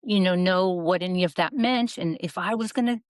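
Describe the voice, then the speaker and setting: A woman's voice: on the low side, brisk, dry recording. A middle-aged woman as a podcast guest, candidly telling her story in an earnest, reflective way and acting out the voices she quotes.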